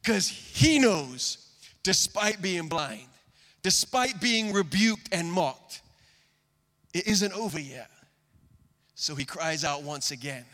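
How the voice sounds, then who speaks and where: A man preaches a sermon from a stage in a high, bright voice. He is earnest, swinging between loud emphasis and near-hushed lines. A long hall reverb trails every word. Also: lively intonation, takes it slowly, long pauses. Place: stage before a live congregation.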